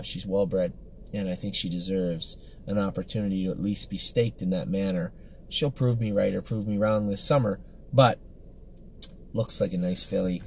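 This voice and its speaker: A man's voice: sits low, darkish tone, slight background noise. A man, a horse trainer, giving a casual, rambling report on the day's training, upbeat and full of fillers and self-corrections.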